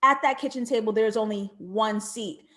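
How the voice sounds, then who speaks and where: An American woman reviewing a TV drama, talking in an expressive, reflective way, with playful shrieks and asides. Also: on the high side, normal speed. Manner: reflective and questioning. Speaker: TV show reviewer. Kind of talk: animated video review commentary.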